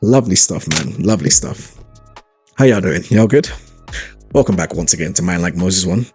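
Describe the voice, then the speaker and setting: A man's voice: deep voice, lively intonation, moderate pace, a little mellow, faint music behind. A man with a British accent hosting a reaction video, chatting in a casual, laid-back way and dropping asides.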